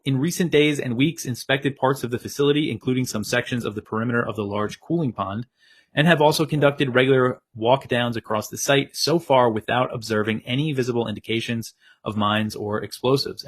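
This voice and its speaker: A man presents news stories in a steady, plain delivery and reads out quoted statements. His voice sits at a medium pitch with no marked color. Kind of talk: news reading.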